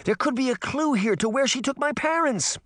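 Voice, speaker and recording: A man's voice: extremely high pitch, lively intonation, brisk, fairly bright tone, dry recording, voice pushed up. A brave young girl with a raised, urgent voice, as a man voices her in an audiobook. She is demanding and insistent. The recording is close and dry. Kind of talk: audiobook character voice.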